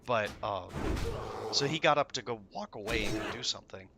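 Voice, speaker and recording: A man's voice: lowish voice, animated, fairly quick, very noisy. A man telling a story in casual chat, rambling with many fillers.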